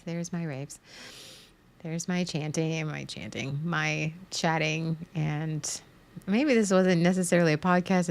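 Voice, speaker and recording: A woman with a somewhat low voice talks through her feelings on a live stream. She rambles in a halting way, often restarting sentences and laughing as she goes. She sounds like she is in her thirties. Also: darkish tone.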